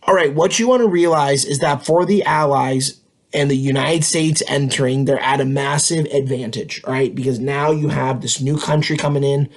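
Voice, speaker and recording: A man's voice: mid-range voice, normal speed. A man teaching a history lesson in a casual, conversational way, with frequent fillers and tag questions. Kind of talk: casual classroom lecture.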